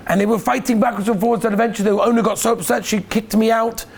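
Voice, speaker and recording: A man, a rabbi in a yeshiva, telling a story in an animated way and mixing Hebrew and Yiddish words into his talk. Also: sits high, fast, vocal fry, few pauses, slightly rough. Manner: animated storyteller, acts out the voices in his tale. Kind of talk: casual Torah talk with a story.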